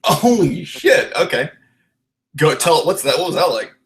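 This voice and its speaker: A man's voice: fairly high pitch, big pitch swings, unhurried, a crowd in the background. Laid-back young man hosting a podcast. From Baltimore area, USA. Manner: loose, laughing, lots of restarts and swearing. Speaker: podcast host. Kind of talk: casual interview chat.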